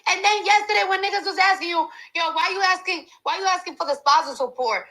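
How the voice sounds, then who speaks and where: Very high-voiced woman ranting furiously. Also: fast, bright, forceful tone, rough recording. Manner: heated, profane, repetitive venting. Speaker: celebrity ranting online. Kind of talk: angry unscripted rant.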